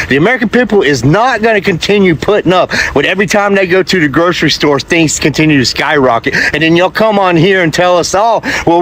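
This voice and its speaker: Man, heated rant, high lively voice, faint traffic behind. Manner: fed-up, heated, ranting. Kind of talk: angry rant to camera.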